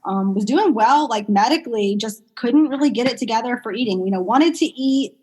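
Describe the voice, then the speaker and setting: A woman's voice: on the high side, fairly quick, husky. Chatty woman, pediatric speech therapist. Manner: chatty, animated storytelling with many fillers. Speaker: pediatric speech-language pathologist guest. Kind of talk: casual conversational interview.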